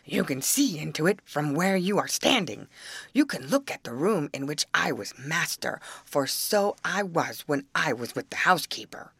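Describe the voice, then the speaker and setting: A woman putting on a hoarse old yard dog. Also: sits low, big pitch swings, normal speed, a bit bright, no room sound, exaggerated voice. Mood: gruff. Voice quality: hoarse, barking. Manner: grumbly, wise-sounding storyteller.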